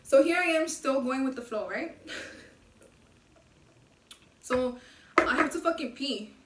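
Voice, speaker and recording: A woman's voice: high voice, unhurried, heavy background noise. Slangy young woman telling a story. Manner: slangy, profane, animated retelling with quoted dialogue. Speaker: vlogger. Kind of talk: casual storytime. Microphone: low-quality camera mic. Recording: echoey room, mic at a distance.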